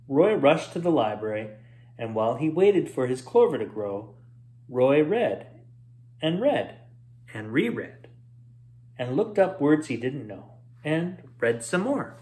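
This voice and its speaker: Animated man reading a bedtime story. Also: mid-range voice. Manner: expressive, drawn-out read-aloud.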